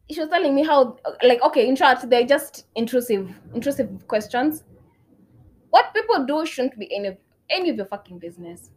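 A young adult woman, ranting her opinions in casual talk. She swears freely, mixes in Swahili, and swings between loud outbursts and low muttered asides. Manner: outspoken, swears a lot, switches between English and Swahili. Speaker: vlogger.

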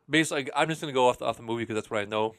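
A man's voice: mid-range voice, rapid-fire, a bit bright, no echo. A man hosting a podcast, chatting casually and joking as he wraps up the show. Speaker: podcast host.

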